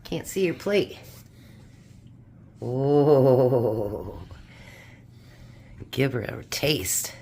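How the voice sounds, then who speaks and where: A chatty home-cooking vlogger, a woman with a low, deep-set voice. She talks easily to her viewers as she assembles and tastes food in her kitchen, keeping a homey, unhurried tone. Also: lively intonation, a little hiss or hum. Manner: chatty, homey, talks while eating and tasting. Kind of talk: casual cooking chat to camera.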